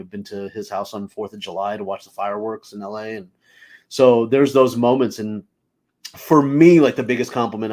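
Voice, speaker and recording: A man with a fairly low voice, chatting as a guest comedian on a talk show. He tells his stories casually and animatedly, with many ums and uhs, and he acts out the voices of the people in them. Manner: animated, filler-heavy, acts out quoted voices. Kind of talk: casual anecdotal storytelling.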